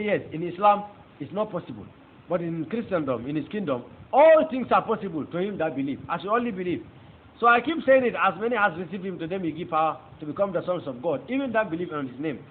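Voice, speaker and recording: Fast, fervent Nigerian preacher, tinny sound. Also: male voice, sits high, sing-song. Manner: fervent, emphatic, rising into exclamations. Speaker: preacher giving testimony. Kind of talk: testimony sermon. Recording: tinny phone-like audio with faint noise.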